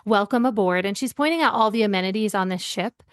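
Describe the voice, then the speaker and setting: Middle-aged woman coach, animated storyteller, acts out quotes, mid-pitched voice, podcast guest. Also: fast. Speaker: leadership coach.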